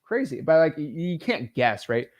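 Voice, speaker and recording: A man teaching real estate wholesaling in a casual, energetic way, full of fillers like "like" and "um". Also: a little high, normal speed.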